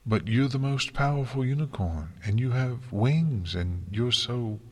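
A man's voice: mid-range voice, expressive, measured pace, darkish tone, in a large hall, pitched above the performer's own voice. A man voicing a timid, eager young female unicorn student who stammers nervously, in an audiobook reading. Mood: awed. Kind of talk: audiobook character voice.

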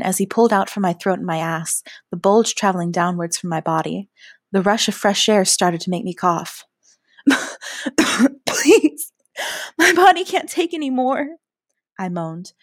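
A woman reading a first-person story aloud in a soft, hushed manner that at times drops to a breathy whisper. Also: on the low side, no room sound, studio quality. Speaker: narrator.

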